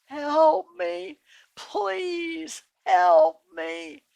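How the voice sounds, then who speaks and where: A woman's voice: fairly high pitch, slow pace, bright, forceful tone, dry recording, exaggerated voice. A woman voicing a beaten, dying male traveler who pleads for help. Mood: desperate.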